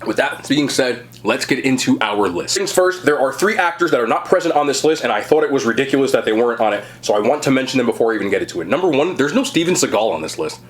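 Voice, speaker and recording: Man, thirties, mukbang host, casual talk to camera, lively swinging pitch, upbeat and chatty. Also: fast, few pauses. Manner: chatty, upbeat, addresses viewers directly. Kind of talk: casual chat to camera while eating.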